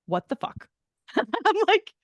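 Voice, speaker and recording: A woman's voice: slow, dry recording. A woman co-hosting a podcast, telling a story in casual chat with lots of laughter, acted-out quotes and swearing. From American Midwest. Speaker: podcast co-host.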